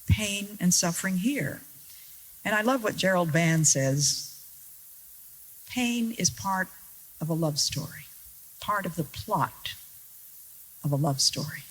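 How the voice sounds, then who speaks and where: A woman preaching a sermon to an audience, earnest and deliberate, with wry rhetorical questions and stressed key words. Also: lowish voice, husky, low-quality recording. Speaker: Christian speaker.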